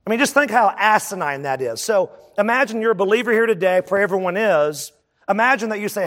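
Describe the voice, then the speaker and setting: A man's voice: high voice, expressive, fast, a bit bright, in a large hall. A man preaching a sermon as a pastor, in a conversational style, often asking the congregation questions.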